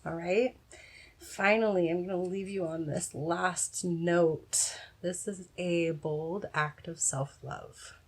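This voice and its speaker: A woman's voice: fairly low pitch, fairly even intonation, slow pace, breathy edge. A woman giving a casual, frank pick-a-card tarot reading, encouraging and swearing now and then. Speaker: tarot reader.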